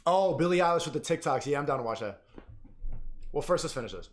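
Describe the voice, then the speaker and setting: Man, young, streamer, excitable, foul-mouthed, high voice, swooping. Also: quick pace. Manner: excitable, profane, mocking. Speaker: live streamer. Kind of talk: stream reaction rant.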